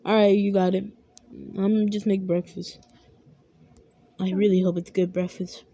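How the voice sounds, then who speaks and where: A woman's voice: medium pitch, little pitch movement, unhurried, mellow, dry recording, highs cut off, lightly acted. A woman voicing an easygoing, cheeky young boy in a family role-play.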